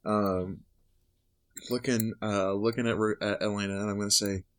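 A man's voice: on the low side, little pitch movement, normal speed. Casual, profane player, jokey man, stumbling through his plans. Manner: joking, swearing, stumbling over words. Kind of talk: casual tabletop role-play.

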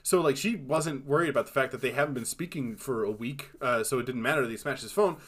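Male podcast co-host, mid-pitched, animated and profane, acts out movie lines. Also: quick pace. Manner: animated, swearing, acts out quotes in exaggerated voices. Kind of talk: casual chat.

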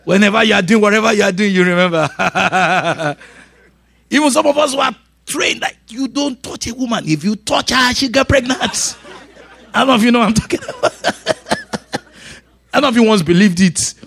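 A middle-aged man preaching a sermon in an animated way, laughing and shouting his punchlines. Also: sits high, moderate pace, vocal fry, long pauses, husky, no echo. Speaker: pastor.

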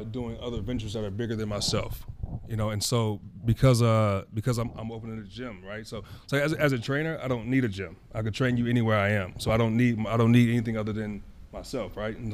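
A man's voice: fairly low pitch, slight background noise. A man, a fitness trainer, speaking on a panel in a rambling, earnest way with many fillers. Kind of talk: panel discussion.

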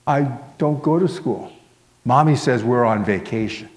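A small, gentle little girl chatters innocently in a high, piping voice, as a male preacher puts her on. Her words ring out into a long hall reverb. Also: a little slow, natural voice. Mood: chatty.

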